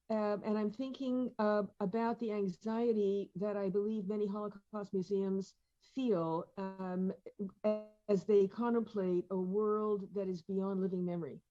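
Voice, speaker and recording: A woman's voice: mid-range voice, warm tone, dull audio. An older woman speaking in a panel discussion, thoughtful, with many fillers and restarts. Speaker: panel speaker, museum curator.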